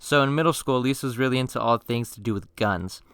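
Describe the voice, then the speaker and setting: Young man, storytime vlogger, casual slangy narration, bright tone, dry close mic. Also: medium pitch, fast talker, clear, resonant tone, no echo. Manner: slangy, swears a lot, yells in mock outrage. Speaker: storytime youtuber.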